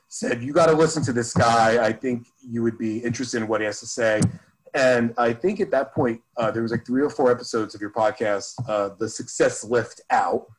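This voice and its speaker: A man's voice: mid-range voice, low-quality recording. A man co-hosting a podcast, upbeat and chatty, with a rambling, filler-heavy way of talking. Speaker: podcast co-host. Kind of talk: casual podcast chat.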